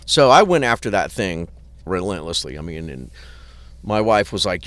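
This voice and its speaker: A man's voice: low-pitched, lively intonation, quick pace, a bit bright. A middle-aged man, a record producer, casually telling long anecdotes with lots of swearing and acted-out quotes. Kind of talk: casual storytelling. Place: hotel parking lot.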